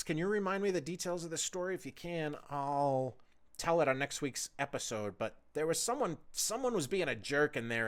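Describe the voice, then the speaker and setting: A man in his forties hosting a solo podcast, telling stories in a loose, profane, chatty way. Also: mid-range voice. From United States. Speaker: podcast host. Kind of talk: rambling solo podcast storytelling.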